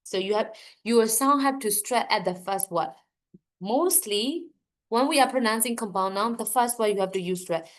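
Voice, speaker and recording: A woman from Myanmar with a Burmese accent, teaching an online English class and explaining slowly and carefully. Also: a little high. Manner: slow, careful explaining, stressing example words.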